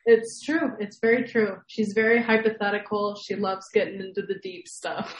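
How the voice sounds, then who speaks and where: A woman's voice: medium pitch, steady tone, normal speed. Young woman athlete chatting away, laughs a lot, says um and like a ton, echoey room. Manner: chatty, laughs often, many fillers. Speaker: athlete guest. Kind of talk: casual interview chat.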